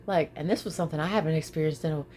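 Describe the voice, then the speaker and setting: A woman chats casually to her followers in a vlog, expressive and quick to repeat herself and laugh. Her voice sits on the lower side. A faint background hum runs underneath. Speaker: vlogger. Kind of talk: casual talk to camera.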